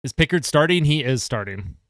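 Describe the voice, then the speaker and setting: A man's voice: fairly high pitch, expressive, brisk, fairly bright tone, no echo, clean studio sound. A man casually commenting on a hockey game on a live stream, reading and answering viewer chat. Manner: chatty, reads chat aloud and answers viewers.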